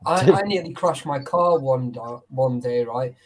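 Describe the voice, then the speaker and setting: A man's voice: medium pitch, unhurried, darkish tone. A man guesting on a casual livestream chat, telling blunt, sweary anecdotes full of "right?" asides.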